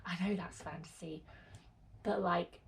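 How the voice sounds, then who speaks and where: A woman's voice: on the low side, steady tone, a little slow, creaky, husky. A woman vlogging in a casual, rambling way, full of fillers and restarts, part of it from a small lean-to shed. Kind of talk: casual chat to camera.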